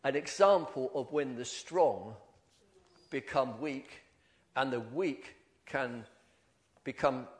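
A middle-aged male pastor preaching a sermon in an earnest, halting way, often restarting his words. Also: mid-range voice.

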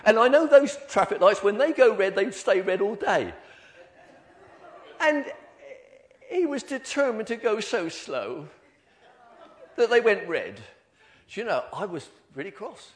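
An older man giving an informal, animated church talk, telling stories about himself with many restarts. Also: high-pitched, a little slow, long pauses. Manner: animated storytelling, self-deprecating, many restarts. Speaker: lay preacher.

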